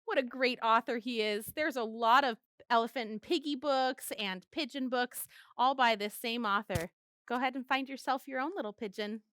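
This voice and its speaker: A woman teacher reading aloud to young children, gentle and encouraging, speaking slowly and clearly. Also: on the high side, no echo, studio quality. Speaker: elementary school teacher.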